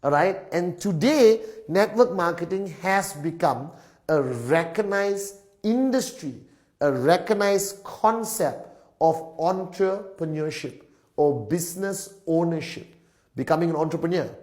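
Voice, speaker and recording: A man's voice: fairly high pitch, measured pace. A man giving a whiteboard business presentation as the presenter, speaking in punchy lists and tagging phrases with a repeated "all right?". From Malaysia. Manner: animated, emphatic lister. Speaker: network marketing presenter.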